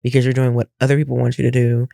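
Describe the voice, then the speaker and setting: A man's voice: medium pitch, flat delivery, racing, vocal fry, mellow, no echo, clean studio sound. A middle-aged man co-hosting a casual podcast chat, reflective and emphatic, firing off rhetorical questions. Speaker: podcast co-host.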